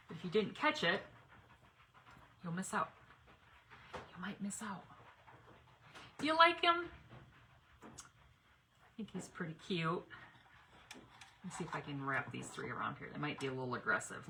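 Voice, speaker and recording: Chatty crafter, woman, bright lively delivery, talks viewers through her work live. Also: sits low, moderate pace, vocal fry, long pauses, slight background noise. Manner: chatty, talks while working, addresses viewers directly. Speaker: craft demonstrator on a live stream. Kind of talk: live crafting demo chat.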